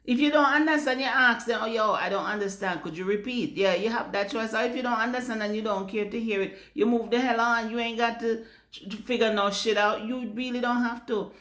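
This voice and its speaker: A woman's voice: a little high, fairly even intonation, a little fast, a bit bright, reverberant. A Jamaican woman speaking bluntly in a casual vlog rant, swearing freely and slipping into patois. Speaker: vlogger. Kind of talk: casual ranting monologue.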